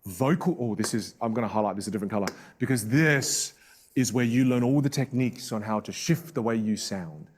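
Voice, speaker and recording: A man from Australia, a public speaking coach leading a live online class in an emphatic, energetic way. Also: on the low side, fairly quick, slight background noise.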